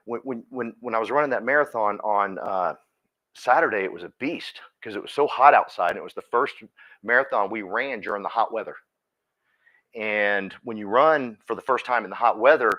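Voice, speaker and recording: A man giving a folksy, energetic motivational talk to his team, often repeating himself. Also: lowish voice, a little fast. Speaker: team leader speaking at a company meeting.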